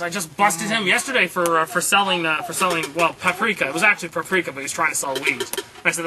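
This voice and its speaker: A man's voice: high voice, fast talker. A man talking in a casual, rambling way full of fillers in an improvised comedy sketch. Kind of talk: improvised comedy web series.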